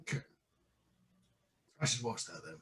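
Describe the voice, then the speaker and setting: A man co-hosting a casual wine podcast, sweary and quick to laugh. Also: lowish voice, lively intonation, bright, forceful tone. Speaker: podcast co-host. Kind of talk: casual chat over wine.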